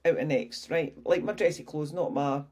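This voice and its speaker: A woman's voice: sits low, moderate pace, a little mellow. A woman in her early fifties, a fitness coach chatting frankly and casually on her own podcast, swearing freely. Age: 50s. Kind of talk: casual solo podcast chat.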